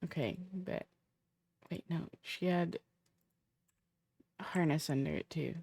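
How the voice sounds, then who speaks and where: Slow low-voiced woman streamer, swearing. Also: vocal fry, darkish tone, breathy edge, no room sound. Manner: rambling, profane, talking to herself. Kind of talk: casual chat to stream viewers while setting up a roleplay character.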